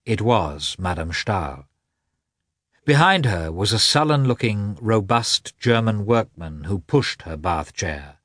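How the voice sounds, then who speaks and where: A man narrating a classic novel as an expressive audiobook reader. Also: lowish voice, takes it slowly, no echo, clean studio sound. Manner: expressive, varied reading. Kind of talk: scripted narration.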